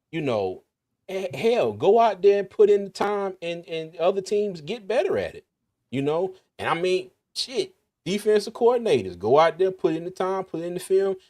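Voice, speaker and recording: A man's voice: fairly high pitch, sing-song, unhurried, a little mellow. A man with a slight lisp hosting a casual sports talk livestream, rambling and laughing often. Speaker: podcast host.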